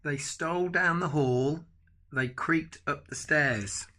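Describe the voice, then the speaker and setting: Older man, grandad, bedtime story reading, slightly high voice, animated asides. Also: slow, a little hiss or hum. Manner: animated, adds chatty asides to the children.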